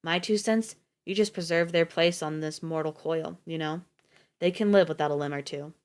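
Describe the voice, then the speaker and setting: A woman voicing a calm, commanding woman medic who gives terse, urgent orders in a lowish voice. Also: moderate pace, clear, resonant tone, close to an everyday voice. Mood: dry.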